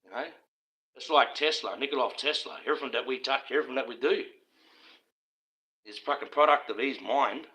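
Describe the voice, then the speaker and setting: A man's voice: mid-range voice, brisk, long pauses, bright, forceful tone, low-quality recording. An Australian man holds forth on a live stream, swearing freely and spinning conspiratorial tangents. His voice is tense and cutting, and he laughs at his own points. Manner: profane, conspiratorial, laughs often. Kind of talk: casual ranting monologue.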